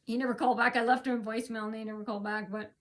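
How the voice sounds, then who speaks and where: A woman's voice: fairly high pitch, flat delivery, racing, a bit bright. A woman in a casual complaint vlog, telling her story in an indignant, rambling way with many restarts. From United States. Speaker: vlogger.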